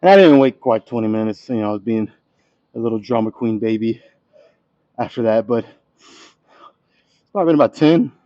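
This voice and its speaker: A man's voice: medium pitch, animated, moderate pace, pauses often, no room sound, dull audio. Winded man vlogging at the gym. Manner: candid, swears, talks between sets. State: out of breath. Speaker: fitness vlogger. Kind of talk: casual gym vlog. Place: gym by the dumbbell rack.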